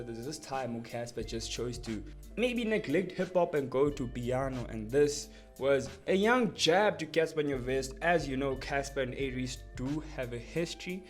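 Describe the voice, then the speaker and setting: A young man explaining rap lyrics in a casual, slangy, excitable way, breaking off from quoted lines to unpack them. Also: medium pitch. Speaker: music commentator.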